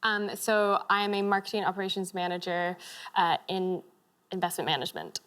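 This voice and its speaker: A woman's voice: mid-range voice, fairly even intonation, brisk, fairly bright tone, clear, resonant tone. Female quiz contestant, American accent, raised mostly in Scotland, giggly and self-deprecating. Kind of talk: casual chat. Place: TV studio.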